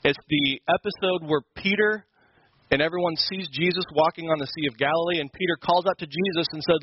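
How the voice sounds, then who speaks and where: A man's voice: on the high side, fairly quick, slightly rough, lo-fi sound. A man teaching a Sunday school lesson, explaining scripture in an emphatic, conversational way. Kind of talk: Bible teaching.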